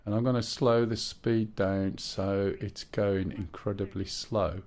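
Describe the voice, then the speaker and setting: A man's voice: lowish voice, fairly even intonation, unhurried, darkish tone. A man streaming a flight sim, chatting with opinions and explaining his helicopter controls step by step. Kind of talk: live gameplay commentary.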